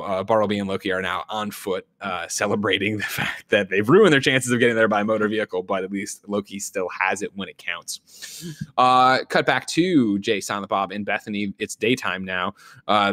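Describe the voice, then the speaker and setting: Low-voiced man recapping a film. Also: fairly bright tone, no room sound. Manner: retells scenes, quoting characters in quick put-on voices. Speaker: podcast host recapping a film. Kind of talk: casual recap and chat.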